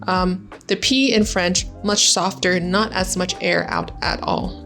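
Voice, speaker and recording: Young woman language tutor-vlogger, upbeat and clear, medium-pitched, faint music underneath. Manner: bright and positive, demonstrates sounds slowly. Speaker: language-learning YouTuber. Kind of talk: casual teaching vlog.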